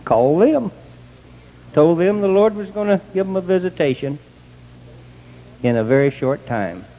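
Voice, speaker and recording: An older man telling his own story in a plain, folksy way, with bursts of excitement. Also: sits high, normal speed, highs cut off. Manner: plain country speech, rising to excited outbursts. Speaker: testimony speaker. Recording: long hall reverb.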